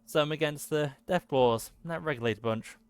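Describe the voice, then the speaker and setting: A man's voice: on the high side, normal speed, smooth, natural voice. A man voicing a stout, bearded male fighting trainer in a video game, folksy and friendly, who calls people lad.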